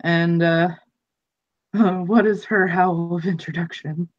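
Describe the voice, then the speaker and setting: Slow, hesitant tabletop game host. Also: mid-range voice, fairly even intonation, muffled recording. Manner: hesitant, many fillers and restarts. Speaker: host and player. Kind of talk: casual tabletop game chat.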